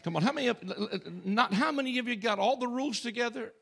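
A male pastor delivering an emphatic call-and-response sermon in a church, swinging from shouts to hushed tones. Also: very high-pitched, brisk, vocal fry. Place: church sanctuary.

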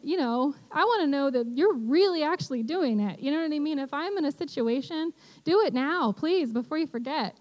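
A woman's voice: sits high, a little mellow, rough recording. A woman teaching about prayer in an earnest, conversational way, often checking in with her listeners. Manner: earnest, conversational, peppered with "you know". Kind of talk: casual sermon.

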